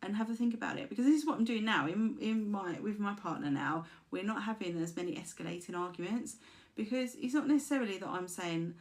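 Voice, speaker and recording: A woman's voice: medium pitch, quick pace. Chatty woman life coach explaining. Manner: chatty, acts out examples in little voices. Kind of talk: casual coaching talk.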